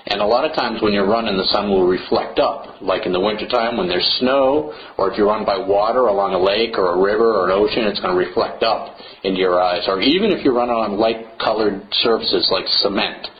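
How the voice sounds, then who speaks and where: A man's voice: on the low side, fairly quick, few pauses. A man hosting a running podcast on his own, talking in a playful, theatrical and wordy way, from New England in the United States. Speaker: podcast host. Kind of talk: solo podcast monologue. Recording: slightly dull, faint hiss.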